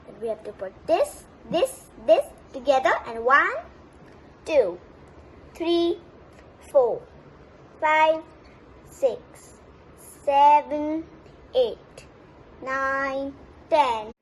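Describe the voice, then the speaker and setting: A woman's voice: sits high, expressive, extremely slow, long pauses. A woman teacher with an Indian English accent leading young children through finger exercises in a cheerful, sing-song way. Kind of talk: online class instruction for young children.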